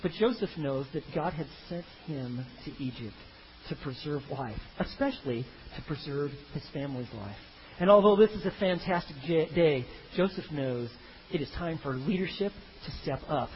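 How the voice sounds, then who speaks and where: A man preaching a sermon, animated, acting out the story in voices of its figures. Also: on the high side, moderate pace, muffled recording, slight background noise. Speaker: pastor.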